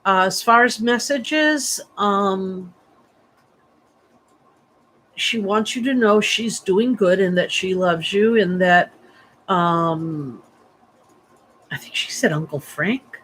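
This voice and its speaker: A woman's voice: medium pitch, takes it slowly, long pauses, a bit bright, a little hiss or hum, low-quality recording. A woman giving a psychic reading on a livestream, rambling and chatty with many fillers and restarts, sleepy and yawning. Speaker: psychic medium.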